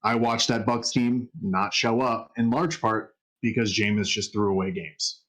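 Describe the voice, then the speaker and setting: A man in a casual sports podcast chat, speaking in a measured way with frequent stammered restarts. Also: lowish voice, steady tone, a bit bright.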